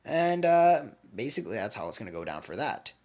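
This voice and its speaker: Low-voiced man, animated, rambling fan storyteller. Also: brisk. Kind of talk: casual fan speculation.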